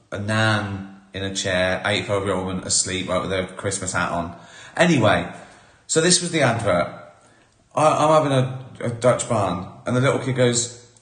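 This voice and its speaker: A middle-aged man tells comic stories in a loose, chatty way, with a dry sense of humor and plenty of swearing. His voice sits in a middle pitch. The room around him sounds noticeably echoey. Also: fairly bright tone. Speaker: comedian hosting a live stream. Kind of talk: casual chat. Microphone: live stream. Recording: roomy echo.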